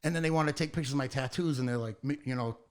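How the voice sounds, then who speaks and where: An American man in his forties tells a story in a loose, relaxed podcast conversation. He swears constantly and acts out the other people's lines as he goes. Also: medium pitch, rapid-fire. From United States. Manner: animated, profane storytelling with acted-out quotes. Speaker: podcast guest, hardcore band singer. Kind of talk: casual storytelling chat.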